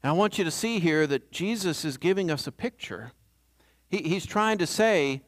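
Speaking a little high at a moderate pace, a man gives a conversational sermon and keeps checking in with the congregation by asking "right?"

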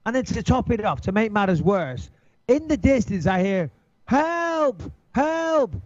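A man in an interview telling a story in a casual way. He is animated, swears a lot and acts out his own panicked thoughts. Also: high-pitched, moderate pace, no echo. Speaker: interview guest. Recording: dull, dry recording.

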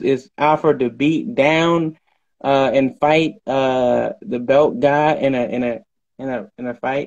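A man's voice: medium pitch, dull audio. A man bragging and rambling through comic banter on a live stream. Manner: boastful, rambling, slips into off-key singing.

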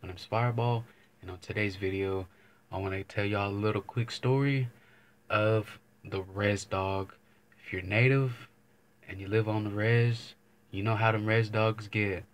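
A man's voice: lowish voice, fairly even intonation, a little slow. A young man vlogging, telling a casual story to camera, rambling and swearing, often circling back with "but anyways.". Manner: rambling, profane, keeps saying "but anyways".

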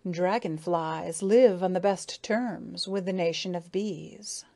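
A woman voicing a huge, predatory dragonfly in a storybook reading, calm and condescending. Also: medium pitch, unhurried. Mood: threatening.

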